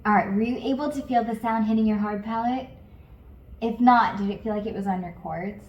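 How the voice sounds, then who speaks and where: Woman vocal coach, calm encouraging guidance, mid-pitched voice, roomy and slightly dull recording. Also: brisk. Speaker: singing teacher. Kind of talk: guided vocal lesson.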